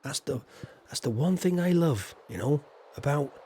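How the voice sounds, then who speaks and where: A man's voice: fairly high pitch, lively intonation, moderate pace, dark tone, a little hiss or hum. Chatty man streaming. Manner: rambling, jokey, chatty asides. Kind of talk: casual gameplay commentary.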